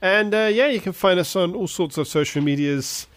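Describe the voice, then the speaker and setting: A man's voice: high voice, moderate pace, fairly bright tone, no room sound. A man co-hosting a casual radio show, cheerfully signing off and plugging social media. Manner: cheerful, wraps up the show loosely.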